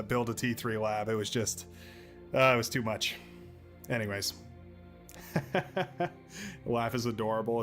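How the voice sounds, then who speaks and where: A male streamer talks casually through a live match, picking apart his own play. His voice sits at an ordinary pitch, with faint music playing underneath. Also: bright, forceful tone. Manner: self-critical, grumbling, chatty. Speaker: game streamer.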